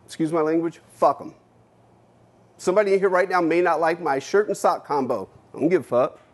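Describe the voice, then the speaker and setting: A man giving a keynote speech, telling a personal story bluntly and candidly, swearing freely and moving between loud and hushed delivery. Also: fairly high pitch, a little fast. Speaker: keynote speaker. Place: lecture hall.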